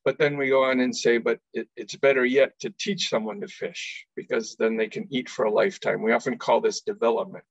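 Gravelly man giving an earnest talk. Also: mid-range voice, steady tone, brisk, few pauses, no echo. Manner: earnest, repeats words when starting phrases. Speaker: executive director giving a talk. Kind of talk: faith-based lecture. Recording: dull lo-fi recording.

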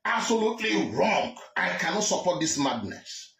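Fiery man, high lively voice. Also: normal speed, gravelly. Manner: fiery, repetitive, shouts at times. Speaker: commentator. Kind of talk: heated opinion monologue. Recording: roomy echo.

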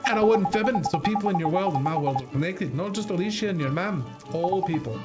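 A bantering little fairy companion, tossing tag questions onto the ends of his lines, voiced by a man reading along with a game. His voice sits brightly high, over loud game music. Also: expressive, quick pace. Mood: cheeky. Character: chatty small male fairy sidekick, cheeky.

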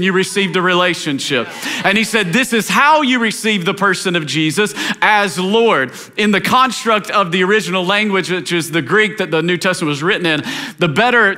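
A pastor from Tennessee, preaching a sermon with passion, swinging from shouted climaxes to low, quiet appeals. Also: male voice. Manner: impassioned preaching, rising to shouts and dropping low.

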